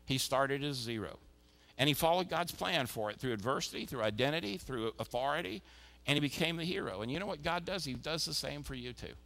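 High, bright-voiced preaching man. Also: fairly quick, vocal fry. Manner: energetic, emphatic exhortation with repetition. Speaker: pastor. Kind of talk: sermon.

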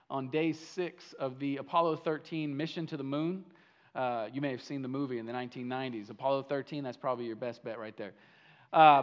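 High-voiced man preaching with animated storytelling. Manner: animated storytelling, acting out the figures' lines; repeats words and restarts sentences. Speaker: pastor. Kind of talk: sermon.

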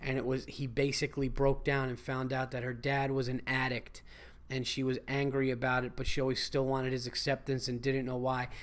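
Male comic hosting his own podcast; loose, excitable, foul-mouthed rambling at an average pitch. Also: fairly quick. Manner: animated, profane, rambling. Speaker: podcast host and stand-up comedian. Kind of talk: casual podcast monologue.

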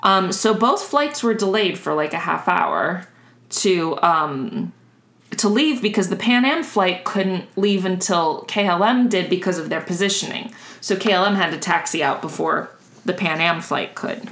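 A woman's voice: fairly low pitch, lively intonation, measured pace, a bit bright. A woman co-hosting a podcast, telling a story in a casual, chatty way and laughing often. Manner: chatty, laughs often, restarts while explaining. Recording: roomy echo.

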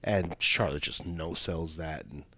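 A young man co-hosting a casual podcast, jokey and quick to react while discussing wrestling. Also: extremely low pitch, a bit bright, no room sound. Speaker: podcast co-host.

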